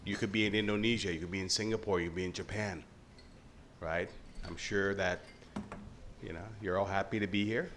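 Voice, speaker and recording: A man's voice: deep voice, fairly even intonation, a little fast, pauses often, fairly bright tone. Man from thailand, late fifties, panelist, jovial and joking, emphatic, faint background noise. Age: late 50s. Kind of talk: panel discussion remarks.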